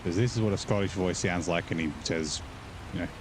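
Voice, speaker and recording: Low-voiced man rambling over gameplay. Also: fairly quick, noisy background. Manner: rambling, chatty, swears casually. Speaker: gaming channel host. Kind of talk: casual gameplay commentary.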